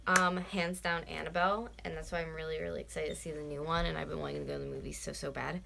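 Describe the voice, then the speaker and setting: A woman's voice: low-pitched, little pitch movement, fast, vocal fry, pushed and bright, a little hiss or hum. A woman in her twenties from North America, chatting casually on a live stream, ranting and swearing with lots of "like" and dropping to whispers at times. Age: 20s. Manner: ranting, swears freely, fillers like "like". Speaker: vlogger.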